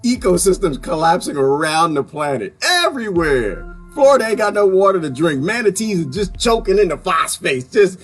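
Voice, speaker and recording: A man ranting in a casual vlog, swinging from loud outbursts to quiet mutters and laughing often, with folksy talk. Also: high-pitched, big pitch swings, moderate pace, few pauses, slightly rough, faint music behind. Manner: folksy, uses "y'all". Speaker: vlogger. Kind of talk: ranting monologue.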